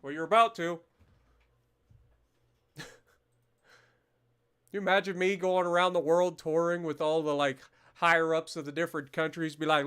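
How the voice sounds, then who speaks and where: Streamer in his 30s, man with a high voice, crude and jokey, rambles into loud bits while playing. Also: big pitch swings, normal speed, pauses often, smooth. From Ohio, USA. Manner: profane, joking, riffs in loud tangents. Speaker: gaming livestream host. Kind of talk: casual live gameplay commentary.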